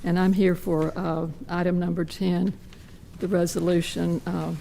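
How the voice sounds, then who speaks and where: A hoarse woman giving a detailed, measured public comment at a podium mic in a county meeting room. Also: on the low side, little pitch movement, warm tone, a little hiss or hum.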